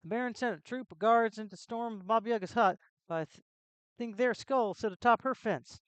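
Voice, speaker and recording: A woman's voice: fairly high pitch, moderate pace, clear, resonant tone, no echo, natural voice. A woman voicing a solemn male castle gatekeeper, reading the game's lines in plain speech. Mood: informative. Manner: plain game-text reading.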